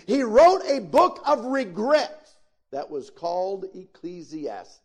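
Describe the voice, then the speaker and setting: A man with a high voice preaches a sermon as a pastor, speaking a little slowly with wide swings in pitch. His folksy manner has him talking straight to his listeners, and he rises into sudden, emphatic peaks.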